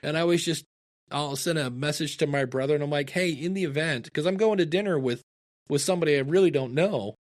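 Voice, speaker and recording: A middle-aged man from Ohio, USA, appears as a podcast guest, talking fast in a slightly high voice. He tells stories in a casual interview, animatedly acting out the dialogue he quotes.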